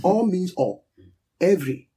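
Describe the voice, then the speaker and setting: Emphatic preacher man with a dark tone. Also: sits high, animated, measured pace, a little hiss or hum. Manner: emphatic, repeats key words, leads a prayer line by line. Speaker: pastor. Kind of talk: sermon with congregation responses.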